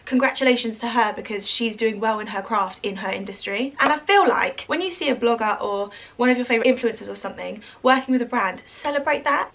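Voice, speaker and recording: A woman with an English accent that drifts toward American, talking casually and quickly to camera as an influencer, with lots of "like" and "um". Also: medium pitch, a bit bright. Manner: fast, chatty, full of "like" and "um". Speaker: social media influencer.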